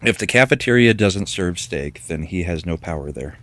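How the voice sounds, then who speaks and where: A man co-hosting a podcast in casual chat, dropping deadpan one-liners. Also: low voice, normal speed, no room sound. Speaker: podcast co-host.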